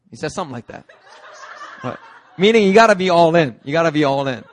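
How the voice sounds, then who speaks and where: A man's voice: a little high, fairly quick, no room sound. A man preaching a sermon. He tells a story with lots of energy and acts out the characters with voices he puts on. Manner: animated, acts out movie characters with put-on voices. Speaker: pastor. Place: church hall, dry sound.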